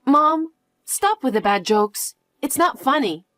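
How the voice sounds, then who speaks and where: A woman's voice: high voice, lively intonation, takes it slowly, fairly bright tone, no room sound, clean studio sound, full character voice. A woman voicing a suspicious young adult daughter who questions everything in an incredulous, dismissive way. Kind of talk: dialogue story acting.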